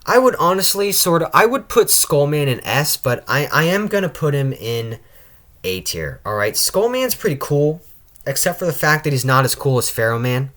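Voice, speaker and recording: A man's voice: on the high side, very animated, normal speed, fairly bright tone. A young man hosting a casual tier-list video, talking loosely with frequent stutters, restarts and tag questions. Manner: stutters and restarts often, keeps adding "all right?". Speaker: channel host ranking video game characters.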